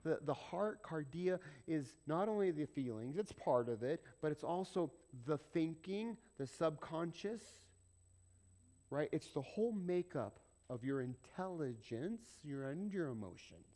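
A man preaching to his church with a fairly high voice. He talks to the congregation like a conversation, tossing them questions, then swings from loud, pressing lines to hushed near-whispers. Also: lively intonation, unhurried. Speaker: pastor. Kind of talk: sermon.

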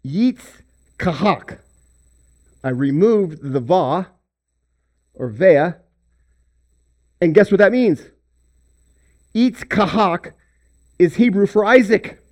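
Animated preacher man with sudden hushes. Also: high-pitched, slow pace, long pauses. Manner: animated preaching, swinging between loud emphasis and hushed near-whispers. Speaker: pastor. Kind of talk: sermon.

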